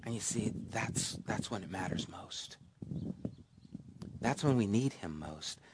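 A man preaching a sermon, dropping to a soft hush and then rising to emphatic, storytelling moments. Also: fairly low pitch, animated, takes it slowly, very noisy. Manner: preacherly, swinging from hushed to emphatic. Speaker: pastor.

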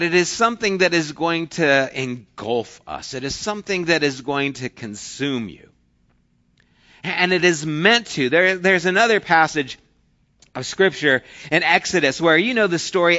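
A man preaching a sermon as pastor, telling stories with lively swings from quiet asides to loud outbursts. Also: fairly high pitch, lo-fi sound.

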